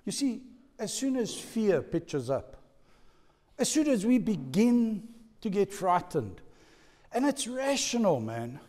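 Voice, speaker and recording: Male pastor, playful and animated, slow delivery, big pitch swings. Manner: animated, playful, code-switching. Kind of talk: sermon. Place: church. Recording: long church reverb.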